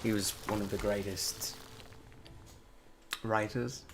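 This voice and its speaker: A man streaming a game, chatting in a put-on mock-posh voice with deadpan silliness. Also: on the low side, slow pace, noisy background. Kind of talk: casual gameplay commentary.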